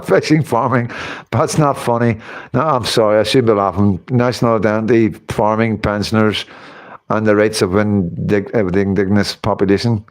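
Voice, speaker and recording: A man's voice: lowish voice, a little slow, pauses often. A man, hosting a casual livestream, rambling and chatting as he reads out comments, often breaking into laughter. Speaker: livestream host reading chat.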